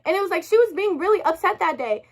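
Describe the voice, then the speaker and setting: A woman's voice: extremely high pitch, expressive, fast talker. A young woman telling a story to her camera, rambling, swearing a lot and apologizing often, upset and close to tears. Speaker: vlogger. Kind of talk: emotional storytime rant.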